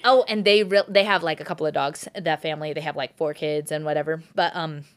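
A woman guest on a podcast, chatting casually and telling animated stories about her dogs, often laughing and putting on little voices. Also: deep voice, a little fast. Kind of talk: casual interview chat.

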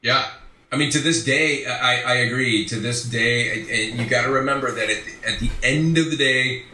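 A man's voice: mid-range voice, moderate pace, sharp tone. A man, a voice actor, chatting casually and easygoingly in an interview, often repeating words as he thinks. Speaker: voice actor guest. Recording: roomy, distant mic with faint background noise.

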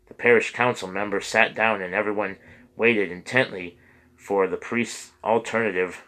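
A man narrating an audiobook chapter in a steady, measured reading. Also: fairly low pitch. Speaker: audiobook reader.

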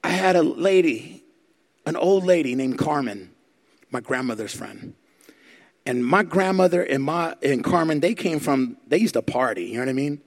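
A man preaching a sermon, telling animated stories and calling on the crowd to answer. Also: fairly high pitch, moderate pace. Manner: animated, acts out quotes, asks the crowd for response. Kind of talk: sermon storytelling.

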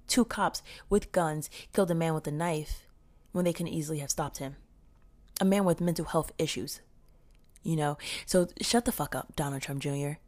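A low-pitched woman hosting her own podcast alone. She talks bluntly and heatedly, with plenty of swearing. It sounds like a casual solo show recorded on a home mic. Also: a little mellow. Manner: profane, fired-up and blunt. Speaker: podcast host.

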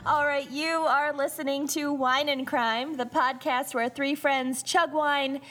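A woman's voice: high-pitched, fairly even intonation, a little slow, over music. A young woman co-hosting a podcast in casual, jokey banter and laughing often. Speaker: podcast co-host.

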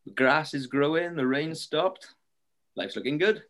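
A man's voice: a little high, a little slow. A young man from Britain co-hosting a podcast, telling stories in a casual, joking way. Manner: storytelling, animated and joking. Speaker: podcast co-host. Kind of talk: casual pub chat.

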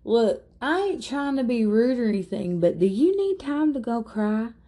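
A woman voicing a brash older grandmother who scolds loudly and swears bluntly. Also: sits low, completely flat delivery, slow pace, vocal fry, slightly rough, exaggerated voice. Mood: scolding. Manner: loud, scolding, cussing.

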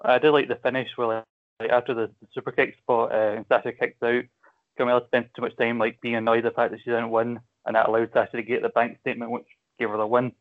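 A man's voice: mid-range voice, level tone, quick pace. A Scottish man co-hosting a casual wrestling chat over a call, talking in a chatty, dry, teasing way. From Scotland. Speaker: podcast co-host. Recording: tinny phone-like call audio.

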